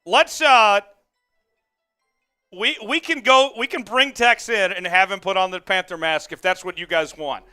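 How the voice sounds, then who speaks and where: A man's voice: high voice, a little slow, pushed and bright, clear, resonant tone, faint music behind. A man hosting a live sports watch-along stream, fired up, calling the plays and reading out viewer comments. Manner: amped, hyped, calls plays and reads chat. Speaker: host.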